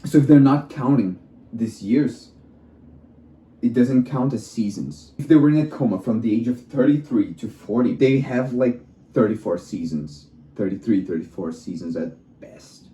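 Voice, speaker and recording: Dark-voiced man musing aloud in a roomy space. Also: medium pitch, animated, moderate pace, muffled recording. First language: not English. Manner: wandering, self-questioning, playful. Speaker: vlogger. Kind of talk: rambling solo musing. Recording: roomy echo.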